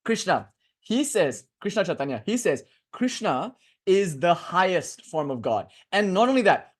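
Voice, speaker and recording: Lively young man lecturing, higher voice. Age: 20s. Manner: lively, digressive, quick to laugh. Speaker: lecturer on bhakti philosophy. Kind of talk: casual, joking lecture to a live class.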